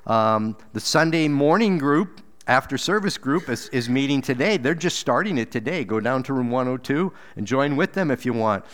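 A man's voice: medium pitch, animated, moderate pace, a bit bright. A man preaching a sermon in church, earnest and exhorting, with frequent repeated words and emphatic rises. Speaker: pastor.

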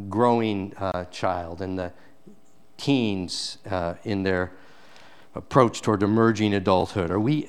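A man's voice: fairly low pitch, smooth. Man preaching with dynamic emphasis. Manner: dynamic preaching, swings from loud emphasis to quiet intensity. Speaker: pastor. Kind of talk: sermon.

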